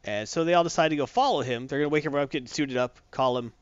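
A man casually retelling a comic book story, acting out lines in quick voices. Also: a little high, clean tone, no echo, lo-fi sound. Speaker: comic recap host.

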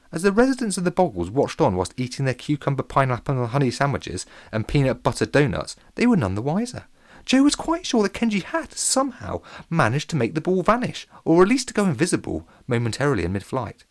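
A man narrating a children's story in a playful, animated and comic way. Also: mid-range voice, no echo, studio quality.

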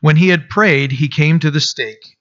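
A man reading a historical account aloud in an earnest, halting way, often stopping to restart or correct himself. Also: on the high side, a bit bright, highs cut off. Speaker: reader.

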